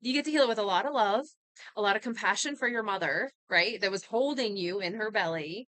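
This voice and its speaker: A woman's voice: mid-range voice, a little fast, fairly bright tone, no room sound. A woman giving an earnest, casual talk on healing and inherited patterns, full of conversational asides.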